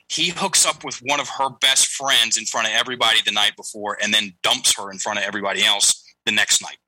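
A middle-aged man tells a story with lively energy, jumping into the voices of the people in it. His tone is strikingly bright and forward. The sound is dry and close, with no room around it. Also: mid-range voice, dry recording, low-quality recording. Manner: animated storyteller, acts out quoted lines. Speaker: guest, breathing and language coach. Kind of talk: storytelling interview talk.

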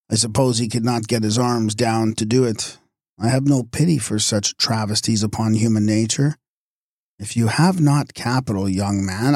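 A man's voice: mid-range voice, a little mellow, no echo, studio quality. A man giving an oratorical lecture, telling scornful anecdotes with acted-out voices. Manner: sardonic, declamatory, scornful asides.

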